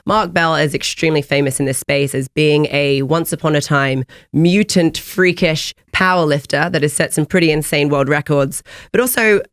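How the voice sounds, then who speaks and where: A woman's voice: low voice, normal speed, hardly any pauses, dry recording, clean studio sound. A woman with an English accent hosting a podcast, chatting in an upbeat, talkative way. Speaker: host. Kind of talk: casual podcast chat. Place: gym facility.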